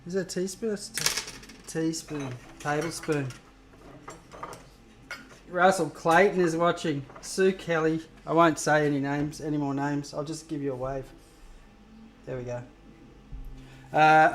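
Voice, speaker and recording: An Australian cooking show host runs a live stream from his home kitchen, rambling casually with viewers and swearing freely as he cooks. His voice is a little high and fairly bright.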